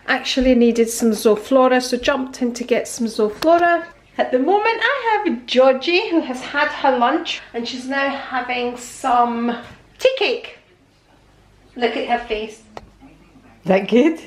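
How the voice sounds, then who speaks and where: A woman's voice: high voice, animated, measured pace, rough recording. A woman in casual vlog narration at home, chatting as she shows her purchases one by one. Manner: chatty, showing off purchases item by item. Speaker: vlogger.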